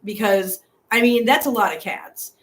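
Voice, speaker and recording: A woman's voice: a little high, normal speed, a bit bright. A middle-aged woman hosting a casual live stream from a hotel room, rambling and repeating herself as she chats and reads viewer comments. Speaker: livestream host.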